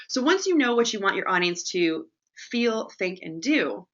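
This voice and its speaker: A woman leads a webinar lesson in a bright, forceful voice. She talks in a lively, chatty way and keeps checking in with her listeners. The audio is slightly dull and lo-fi. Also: mid-range voice, moderate pace. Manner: lively and chatty, often asks "right?". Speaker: presentation coach hosting a webinar. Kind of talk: webinar teaching.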